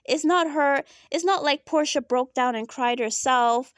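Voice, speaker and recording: A woman reviewing a reality TV episode in animated casual commentary, often asking "right?". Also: high-pitched, unhurried, no echo, clean studio sound.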